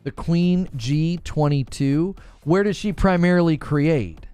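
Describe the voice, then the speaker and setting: A man hosting a gaming news stream, chatting casually with viewers and reading their comments, animated and quick to laugh. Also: a little high, clean tone, soft background music. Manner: animated, laughs often, thinks aloud with restarts. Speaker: host of a gaming news show.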